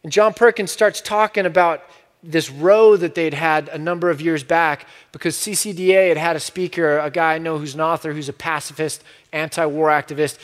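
High-voiced preacher in a reverberant hall. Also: male voice. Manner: conversational, with frequent restarts. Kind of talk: sermon.

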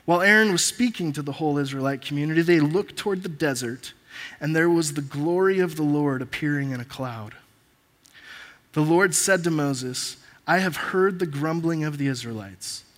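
A man's voice: fairly high pitch, a bit bright. Preaching man in a reverberant hall. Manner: preaching, reading scripture aloud with pauses. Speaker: pastor. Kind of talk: sermon with scripture reading. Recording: long reverb of a large hall.

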